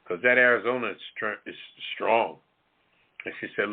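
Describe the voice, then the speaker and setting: A man's voice: medium pitch, brisk. A man co-hosting a talk show, talking bluntly in casual, colloquial speech. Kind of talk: casual political chat. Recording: tinny phone-like line.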